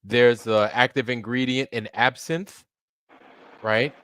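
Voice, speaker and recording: Bright-voiced man telling it loose. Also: medium pitch, slow pace, dry recording, clean studio sound. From Brooklyn, New York. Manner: animated storytelling, swears freely. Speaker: co-host. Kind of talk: casual livestream chat.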